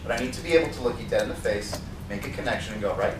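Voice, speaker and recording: A man training salespeople at a seminar, talking in a lively way and acting out demo scenes. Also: lowish voice, very fast. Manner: lively, acts out scenes in put-on voices. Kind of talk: animated seminar teaching. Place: seminar room. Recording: roomy sound from a distant mic with faint noise.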